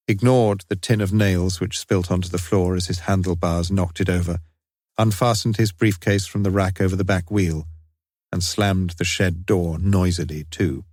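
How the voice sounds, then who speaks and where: A man narrating an audiobook in a steady, unhurried reading voice. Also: lowish voice, no echo, clean studio sound. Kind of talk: scripted narration.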